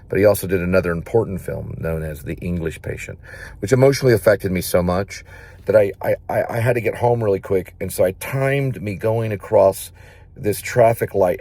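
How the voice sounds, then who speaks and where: A man's voice: low-pitched, a little mellow, no echo. A man who acts, telling rambling stories to the camera in a casual vlog, repeating himself as he goes. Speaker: actor and vlogger.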